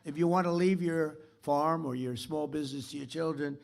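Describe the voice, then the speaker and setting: Rambling boastful keynote speaker, a man with a very gravelly, somewhat high voice, repeating himself from a stage podium. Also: moderate pace. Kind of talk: political speech. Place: stage of a large theater.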